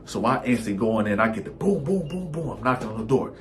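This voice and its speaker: A man telling a first-person story in a casual, conversational way, animated and restarting his sentences often. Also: medium pitch, fast, soft background music.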